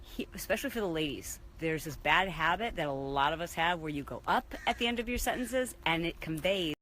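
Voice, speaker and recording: A woman hosting a casual motivational vlog, talking to viewers in an energetic, emphatic coaching manner. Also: sits low, fairly quick, a little hiss or hum, rough recording. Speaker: vlog host and business coach.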